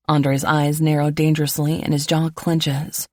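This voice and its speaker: A woman narrating a first-person romance audiobook in an even, low-key reading voice. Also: moderate pace, few pauses, no room sound, studio quality.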